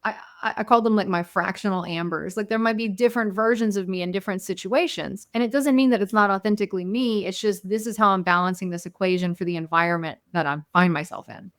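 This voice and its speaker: A woman's voice: medium pitch, fast talker, few pauses, fairly bright tone, no echo. A woman guest on a podcast, speaking in a mid-range voice. She tells stories from her own experience in an earnest, reflective way, and the recording sounds close and dry. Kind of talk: casual conversation.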